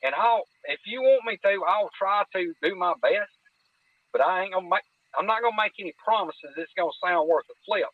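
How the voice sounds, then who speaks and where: A man's voice: high voice, fairly quick, no echo. A middle-aged man, telling a personal story as a podcast guest in a folksy way, often restarting his sentences. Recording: tinny phone-like line, dry.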